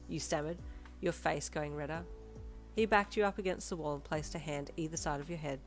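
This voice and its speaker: A woman's voice: low voice, fairly even intonation, brisk. A woman narrating fan fiction in second person, with an upbeat, chatty manner. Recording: faint background music.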